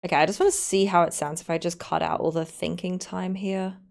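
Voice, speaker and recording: Brief: young Australian woman, live-stream chatter, low-ish gravelly tone. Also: flat delivery. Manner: chatty, self-reflective, quick asides. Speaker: streamer editing her own video. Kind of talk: casual live-stream chat.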